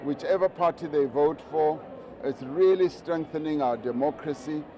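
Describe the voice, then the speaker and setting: A man, a politician, speaking in a measured way with pauses and fillers at an outdoor rally. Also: a little high, noisy background. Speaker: politician on the campaign trail. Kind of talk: interview soundbite.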